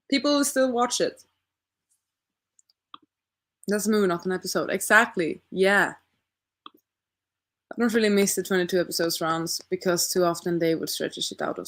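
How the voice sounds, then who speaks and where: A woman's voice: medium pitch, lively intonation, moderate pace, long pauses. A young woman casually chatting with her stream audience, thinking aloud and asking rhetorical questions. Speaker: livestream host reading chat. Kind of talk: casual chat.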